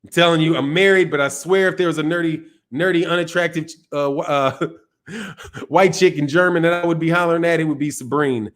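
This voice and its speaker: High-voiced man rambling on a livestream. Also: a little fast, fairly bright tone. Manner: loose, rambling, slangy, says dog and man. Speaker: boxing channel host. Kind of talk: casual livestream chat.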